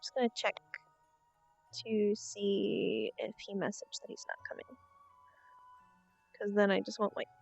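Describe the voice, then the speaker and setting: A woman's voice: medium pitch, level tone, unhurried, creaky, long pauses, slightly rough. A woman streamer chatting casually, narrating to herself what she is doing while she waits for someone. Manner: thinks aloud while waiting, chatty self-narration. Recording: dull lo-fi stream audio with faint music.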